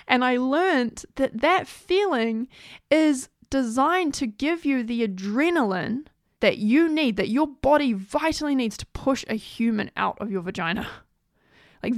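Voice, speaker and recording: A woman's voice: high voice, no room sound, clean studio sound. A woman host telling a personal story in an earnest, chatty way, often saying "like".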